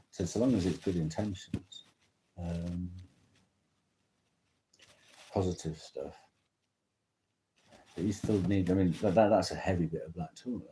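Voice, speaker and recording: A man's voice: low-pitched, dark tone, slight background noise, poor audio. A man chatting casually through a tarot reading, rambling and interrupting himself often. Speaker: tarot reader.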